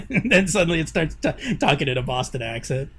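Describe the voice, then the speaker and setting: A man's voice: mid-range voice, very animated, unhurried, fairly bright tone, breathy edge. Laughing man in easygoing podcast chat. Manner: laughs often, rambling. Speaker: podcast co-host. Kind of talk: casual banter.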